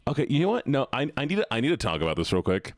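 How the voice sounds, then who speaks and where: Lively joking male streamer, dry sound. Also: mid-range voice, very fast, dry recording. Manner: joking, rambling, self-mocking. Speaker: VTuber streamer. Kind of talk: casual live-stream chat with viewers.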